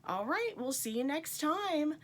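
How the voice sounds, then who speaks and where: A woman's voice: sits high, very animated, measured pace. A woman reading a picture book aloud to children, with playful asides to her young listeners. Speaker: storytime reader.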